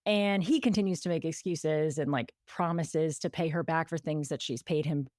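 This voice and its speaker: A woman's voice: low-pitched, normal speed, darkish tone, no echo, clean studio sound. A woman co-hosting a podcast, casually recapping a story in a chatty way, full of "like" and quoted asides. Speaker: podcast co-host.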